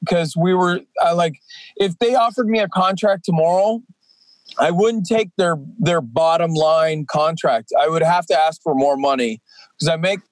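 A man's voice: a little high, moderate pace, no echo, rough recording. A man in his forties, a professional wrestler guesting on a podcast, talking casually and rambling with many fillers and restarts. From Atlantic Canada.

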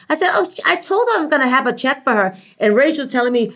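A woman, a life coach, telling an animated story in a casual interview and acting out the voices of the people she quotes. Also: sits high, fast talker, hardly any pauses. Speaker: guest, life coach and trainer. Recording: dull lo-fi recording.

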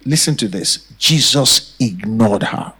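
A man's voice: fairly low pitch, lively intonation, a little slow, sharp tone, husky, low-quality recording. A man preaching a sermon to a congregation, repeating phrases for emphasis and calling for responses. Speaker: pastor. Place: church.

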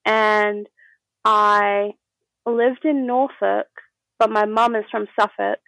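A woman's voice: medium pitch, fairly even intonation, slow, a bit bright, dry recording, poor audio. A woman with a generic English accent, a guest chatting casually, laughing often and restarting her sentences. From England. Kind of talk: casual chat.

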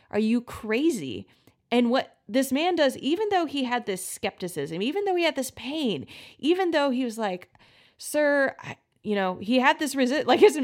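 A woman hosting her own podcast as a health practitioner, talking casually with lots of fillers and acting out quoted voices. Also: fairly high pitch. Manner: chatty, many "like" fillers, acts out quoted voices. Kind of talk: casual solo podcast talk.

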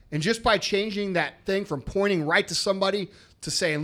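A podcast co-host on a casual business show talks bluntly and emphatically, swearing a lot. His voice sits high and bright with a forceful tone at normal speed.

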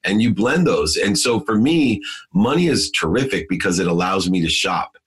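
A man's voice: low-pitched, lively intonation, normal speed. A middle-aged man telling a personal story in an emphatic, preachy way, then giving motivational advice as a podcast guest.

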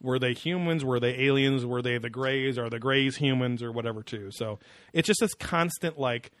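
A man's voice: mid-range voice, normal speed, a bit bright, dry recording. A man co-hosting a casual podcast, rambling and sarcastic, with frequent laughter. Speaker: podcast co-host. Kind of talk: casual chat.

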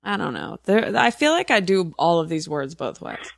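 A woman's voice: on the low side, big pitch swings, moderate pace, gravelly, dry recording, clean studio sound. A woman hosting a podcast in casual chat, laughing and muttering words over to herself as she doubts them. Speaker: podcast host.

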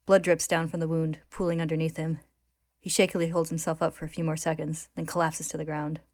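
A woman reading a story recap aloud in a steady, even narration for a podcast. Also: low-pitched, a little fast, no room sound. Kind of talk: reading a recap aloud, then casual chat.

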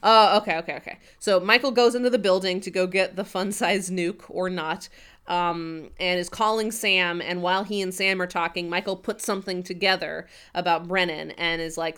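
A woman's voice: fairly low pitch, fairly even intonation, normal speed, a bit bright, smooth. A woman in casual podcast chat, recapping an episode and acting out characters' lines as she retells scenes. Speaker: podcast co-host.

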